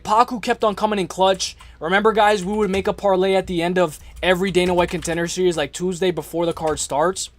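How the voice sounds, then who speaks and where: A man hosting a casual livestream, talking in loose slang, rambling and shouting out viewers from chat. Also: high-pitched, dry recording. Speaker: livestream host.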